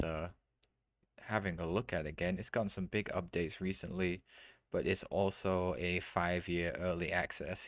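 A deep, low-pitched man rambles through a live game stream, thinking aloud and restarting his sentences often. His voice is close and dry, with no room sound around it. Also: dry recording. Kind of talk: casual let's-play commentary. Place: home streaming setup.

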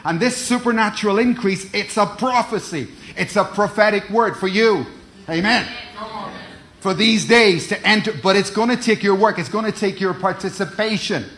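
Preaching at a normal speed, this middle-aged pastor has a high-sitting, fairly bright voice. His sermon leans on call-and-response with the congregation, and he often repeats words and restarts them after stumbling.

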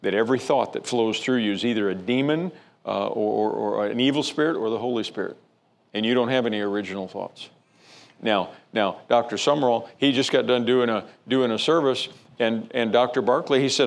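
Casting: male pastor, mid-pitched, gravelly, sermon storytelling with stumbling restarts. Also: normal speed. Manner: storytelling, frequent stammered restarts.

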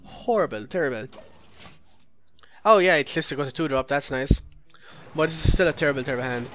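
With slight background noise, a man whose voice is on the high side and fairly bright speaks fairly quickly. He narrates his own card game run for a let's play, thinking aloud, fixing sentences mid-flow, and critiquing his opponent's plays.

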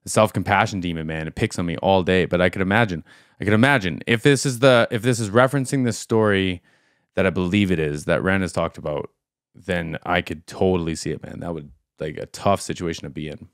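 A man's voice: low-pitched, brisk, clear, resonant tone, no echo, studio quality. A man hosting a music reaction video, talking casually and rambling aloud with lots of fillers as he thinks.

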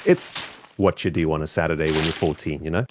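A man telling an animated story over voice chat, with frequent restarts. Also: very deep voice, brisk, noisy background. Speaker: game player on voice chat.

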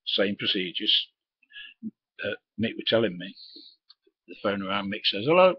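A man's voice: on the low side, steady tone, unhurried, slightly rough, dry recording, lo-fi sound. An older man, bluntly telling stories from his trucking days and acting out the voices in them, with a lot of swearing. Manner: blunt, swears freely, acts out his own and others' lines. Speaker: retired lorry driver telling stories. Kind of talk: casual storytelling monologue.

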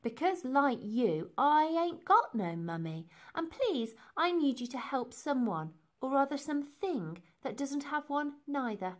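A woman's voice: very animated, measured pace, hardly any pauses. A woman reading aloud, voicing a frightened little orphan girl who begs and pleads. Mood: pleading. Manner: shrill, pleading.

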